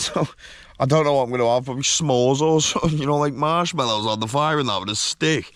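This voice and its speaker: A young man, chatting excitedly to camera on a travel vlog, slangy and laughing often. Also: a little high, fast, vocal fry, no room sound. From England. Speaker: travel vlogger. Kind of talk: casual vlog chat to camera. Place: glamping site outdoors.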